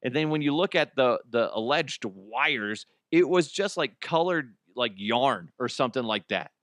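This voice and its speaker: Male podcast host, casual storyteller, lively swooping pitch, bright forward tone, dry close sound. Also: unhurried, no echo. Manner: animated, profane, laughs at own stories.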